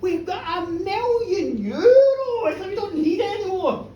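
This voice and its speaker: Stern fretting old dad, storyteller doing him, quiet, echoey pub room far off. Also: extremely high pitch, lively intonation, measured pace, lo-fi sound, slight background noise, pitched above the performer's own voice. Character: cautious poor old father. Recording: roomy, distant live bar recording.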